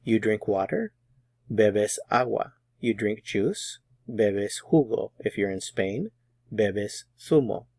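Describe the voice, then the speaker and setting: Male language teacher, low-pitched, unhurried, methodical delivery, dry close recording. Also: animated, a little mellow, dry recording. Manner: patient, methodical, slows down on example phrases. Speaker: Spanish teacher. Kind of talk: explaining grammar lesson.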